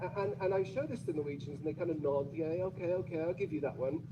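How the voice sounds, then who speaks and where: Man with a British accent, public speaker, playful and audience-teasing; slightly high voice, noisy playback. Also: fast talker, lo-fi sound. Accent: British English. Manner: chatty, playful, asks the audience questions. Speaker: conference speaker.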